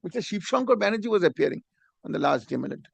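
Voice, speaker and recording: Lawyer guy talking fast in court, high gravelly voice, keeps saying my lord. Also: big pitch swings, no room sound. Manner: deferential, repeats "my lord" constantly. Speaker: advocate. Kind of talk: courtroom argument.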